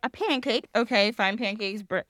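A woman's voice: a little high, normal speed, a bit bright, no echo, clean studio sound. A woman hosting a podcast, chatting casually, rambling and laughing often as she acts out other people's voices. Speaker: podcast host. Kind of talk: casual chat.

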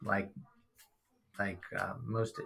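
Middle-aged dad, casual chat, bright and forward tone, halting, dry humor. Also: male voice, on the low side, little pitch movement, gravelly. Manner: rambling, hesitant, dry sarcasm. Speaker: podcast guest, father.

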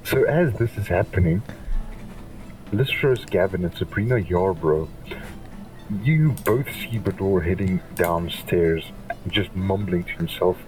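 Deep-voiced guy dm'ing a tabletop game, laid-back and playful, kinda far from the mic. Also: unhurried, darkish tone. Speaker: game master. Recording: distant mic with faint background noise.

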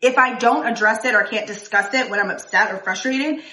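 Chatty woman, bright sharp voice, a bit high, laughs a lot, echoey room. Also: a little fast, far from the mic. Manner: chatty, laughs often, trails off and restarts. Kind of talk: casual chat.

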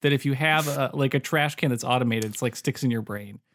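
A man co-hosting a podcast, talking in a quick, wry, joking way. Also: mid-range voice, fairly bright tone. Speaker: podcast co-host. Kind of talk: casual chat.

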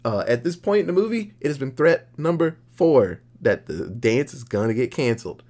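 A man co-hosting a podcast, casually recapping a horror movie plot with lots of swearing and jokes, slipping into quick voices for the characters. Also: mid-range voice, lively intonation, darkish tone. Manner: profane, jokey, acts out characters mid-recap. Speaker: podcast co-host.

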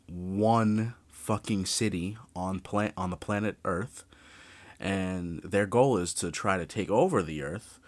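A young man hosting a true crime podcast, ranting casually, animated and full of swearing. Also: lowish voice.

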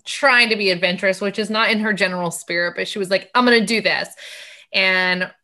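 Co-host, a woman in her thirties with a bright, sharp voice, casual and chatty. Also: mid-range voice, steady tone, fairly quick. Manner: warm reactive listener, fills in with short asides. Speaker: podcast co-host. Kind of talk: casual chat.

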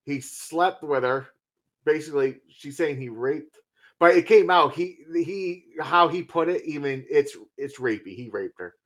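A man's voice: fairly high pitch, expressive, unhurried, fairly bright tone. A man in casual conversation, bluntly and profanely retelling scenes from a film. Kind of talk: casual movie review chat.

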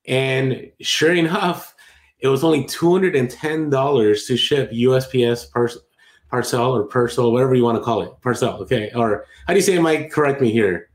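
A man's voice: medium pitch, moderate pace, roomy sound. A man co-hosting a casual podcast chat, rambling and correcting himself as he goes. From Latin America. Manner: rambling, self-correcting, chatty. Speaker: podcast co-host. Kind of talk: casual chat about online selling.

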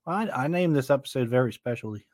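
A man's voice: medium pitch, animated, quick pace, a little mellow, no room sound, faint music behind. A man co-hosts a podcast in a loose, playful way, laughing often and slipping into silly bits. His voice sits mid-range and is picked up close and dry. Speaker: podcast co-host. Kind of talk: casual chat.

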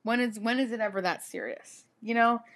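A young woman chatting on a podcast with friends. She tells her story in a crude, lively way, swearing freely and building it up for laughs. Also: fairly high pitch, brisk. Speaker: podcast co-host. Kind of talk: casual chat.

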